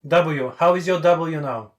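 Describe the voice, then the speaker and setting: Non-native english guy, bit high-pitched, blunt coach hammering his point home. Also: a little slow, dull audio. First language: not English. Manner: blunt, emphatic, repeats key points. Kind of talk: casual video call chat.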